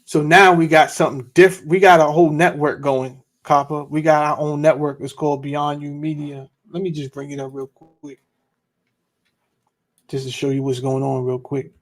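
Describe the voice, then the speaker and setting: A man hosting a podcast livestream, talking in a relaxed, casual, slangy way. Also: fairly high pitch, normal speed. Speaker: podcast host.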